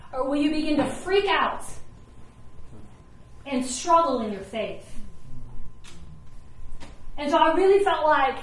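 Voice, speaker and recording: Animated woman preaching in an echoey hall. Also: sits high, recorded from a distance, slight background noise. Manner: animated, conversational, acts out quotes. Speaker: ministry leader preaching. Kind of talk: sermon.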